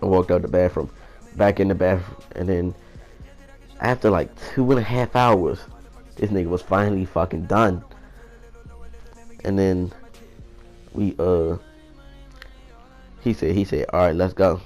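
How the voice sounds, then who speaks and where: A young man casually telling a personal story in a rambling, profane, animated way. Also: sits low, a little slow, long pauses, faint music behind. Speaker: vlogger.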